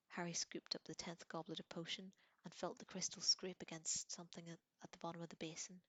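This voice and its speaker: A woman's voice: on the low side, level tone, fairly quick, hardly any pauses, dry recording. Woman whispering a story, whispered role-play. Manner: soft, close whispered reading with small slips. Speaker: audiobook reader.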